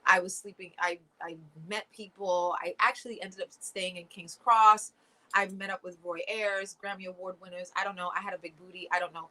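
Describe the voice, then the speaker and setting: Hosting a live watch party, a woman talks to her viewers with a medium-pitched, steady voice at a moderate pace. Her tone is bright and forceful as she keeps up a sarcastic, exasperated, chatty commentary packed with "like" and "y'all." The recording is rough.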